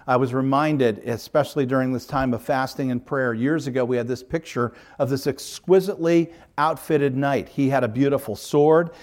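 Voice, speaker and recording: A middle-aged male pastor delivering a sermon, his voice sitting at an ordinary pitch for a man. He preaches earnestly and with emphasis, building points through repeated parallel phrases. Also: darkish tone.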